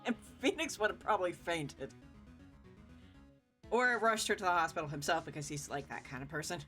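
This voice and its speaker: A woman's voice: lowish voice, moderate pace, pauses often, fairly bright tone. Giggly chatty woman streaming a game, faint music behind. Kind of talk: live game commentary.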